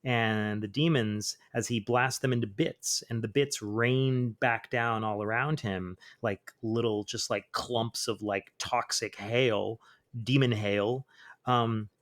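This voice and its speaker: Speaking slowly in a steady, medium-pitched and fairly bright voice, this man hosts a comics podcast. He chats casually with plenty of fillers, breaking into dramatic readings of quoted lines between relaxed asides.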